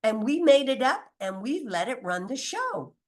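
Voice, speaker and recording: Very animated, with a high voice and moderate pace, a woman leads an informal spiritual teaching. She's talkative and forceful, often laughing and lightly cursing, and at times she reads from notes or loses her place and restarts.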